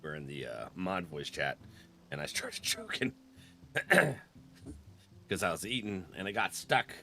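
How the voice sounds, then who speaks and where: Guy streaming a game, bright punchy voice, chatty, laughs and clears his throat a lot. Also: low-pitched, very animated, measured pace. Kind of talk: casual live-stream chat.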